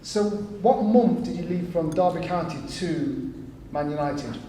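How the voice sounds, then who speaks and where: A man's voice: on the high side, unhurried, warm tone, slight background noise. A man hosting an on-stage interview, encouraging and praising his guest. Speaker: host. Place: arts venue hall, live audience. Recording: distant voice in echoing hall.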